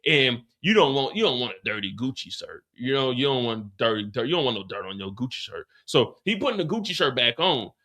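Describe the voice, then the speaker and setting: A man hosting a live after-show, recapping an episode in an animated, slangy way with lots of restarts and repeats. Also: mid-range voice, fairly quick, hardly any pauses. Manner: profane, slangy storytelling.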